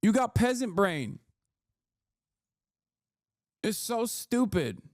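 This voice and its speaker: A man's voice: sits high, no room sound, studio quality. A man livestreaming a reaction to news, ranting angrily with heavy swearing and mocking jabs at his critics. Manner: heated, profane, mocking. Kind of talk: angry political rant.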